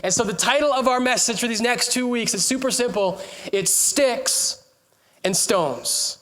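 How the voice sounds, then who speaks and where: High-voiced young pastor preaching. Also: male voice, brisk. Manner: conversational and jokey, with bursts of shouting to the congregation. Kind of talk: sermon. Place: church hall with a congregation.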